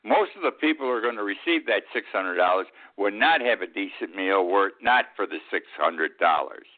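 A male talk-radio host delivers a blunt, indignant monologue. His voice sits low but moves widely in pitch. The sound is narrow and tinny, as if heard over a phone. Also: a little fast. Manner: blunt, indignant, animated commentary. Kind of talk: opinion monologue.

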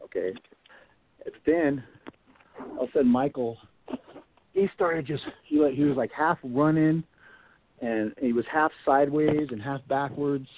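A middle-aged man with a mid-range voice rambles casually through a long personal story on a radio show, filling it with "you know" and "like." He's a Bigfoot researcher calling in on a tinny phone line that carries a little hiss or hum.

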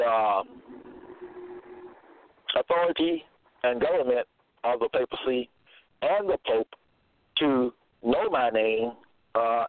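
Slow male preacher over a tinny phone line. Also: mid-range voice, a little hiss or hum. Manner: deliberate, repetitive, quotes verses with frequent "okay?" checks. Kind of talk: slow scripture teaching monologue.

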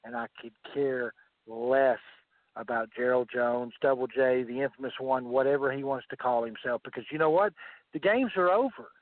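A man's voice: medium pitch, steady tone, moderate pace, no room sound. A man with a Southern accent, a wrestling commissioner, delivering boastful, menacing trash talk. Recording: tinny phone line, dry.

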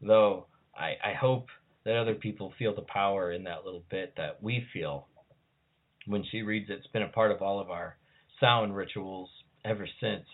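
A man's voice: on the low side, normal speed. A man with a scratchy voice talking casually as a podcast guest, at times reading ritual verses solemnly. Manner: reads liturgy in a raised, solemn voice. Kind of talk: casual talk and liturgy reading. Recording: tinny phone-like line.

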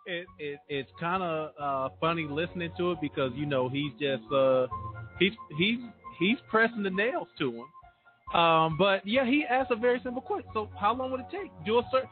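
A man's voice: high voice, normal speed, over music. Emphatic man on a phone line. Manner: animated, emphatic. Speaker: radio co-host. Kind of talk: casual radio talk.

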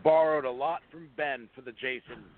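A wisecracking man on a podcast panel, speaking in an ordinary mid-range voice. He drops quick jokes into the chat, and his audio is squeezed and thin, like a phone call. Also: medium pitch, steady tone. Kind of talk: casual chat.

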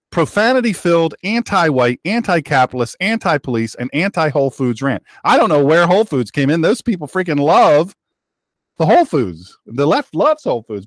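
A man's voice: medium pitch, no room sound, clean studio sound. A man hosting a talk show, giving an opinionated monologue in an emphatic, sarcastic, preachy manner.

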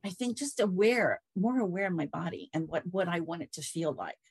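Low, husky woman telling her story. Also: brisk, no room sound, poor audio. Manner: chatty, animated when quoting others. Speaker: guest. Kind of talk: casual interview storytelling.

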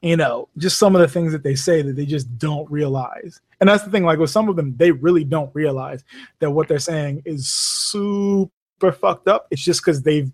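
Man from bermuda, casual podcast chat, lively storyteller, swears, slightly high voice. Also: moderate pace. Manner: animated storyteller, swears freely, acts out quoted voices. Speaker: podcast guest, rideshare driver.

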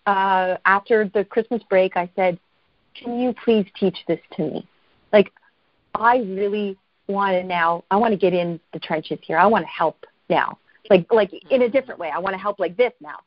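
A woman guest telling a story in a casual interview, lively and self-deprecating, acting out the voices of people she quotes. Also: mid-range voice, no echo, dull audio.

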